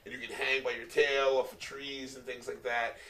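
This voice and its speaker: A man's voice: medium pitch, flat delivery, moderate pace, pushed and bright. A tipsy man co-hosting a podcast, rambling in casual chat and swearing freely. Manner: loose, rambling and heavy on profanity. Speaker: podcast co-host. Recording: echoey room, mic at a distance.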